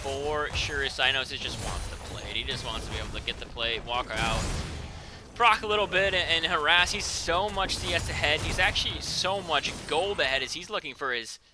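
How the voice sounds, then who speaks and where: A man giving rapid play-by-play commentary on a live esports match, his voice climbing to shouts on big plays. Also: on the high side, over music.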